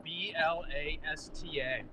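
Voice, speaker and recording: A man's voice: fairly high pitch, a little slow, pushed and bright, a little hiss or hum. A man playing golf on a livestream, talking through his shots in a matter-of-fact, dry way, with casual swearing. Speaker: golfer on a livestream. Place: outdoors on a golf course.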